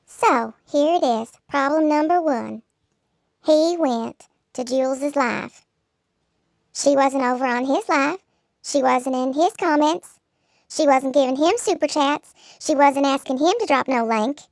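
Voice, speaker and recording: A woman's voice: high voice, a little slow, no echo, poor audio. A woman narrating a scripted commentary in a sarcastic, mocking tone, full of dramatic rhetorical questions. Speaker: commentary channel host.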